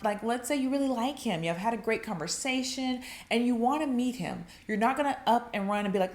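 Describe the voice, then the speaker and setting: A woman giving dating advice in a casual, animated monologue. She acts out quotes in a high, excited voice, fills her talk with "like" and laughs at her own points. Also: brisk, hardly any pauses, reverberant.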